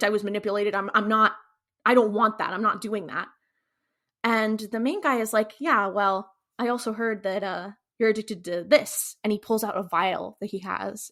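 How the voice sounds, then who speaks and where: A woman's voice: medium pitch, fairly bright tone. A young adult woman co-hosting a casual podcast, recapping scenes animatedly and acting out the characters' lines. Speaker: podcast co-host. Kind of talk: casual rewatch podcast chat.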